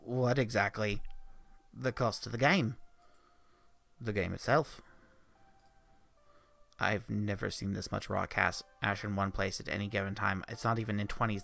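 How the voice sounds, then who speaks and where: A man with a bright, gravelly voice reads visual novel text aloud while streaming, tossing in playful asides. His voice is mid-pitched and direct, and soft music sits underneath.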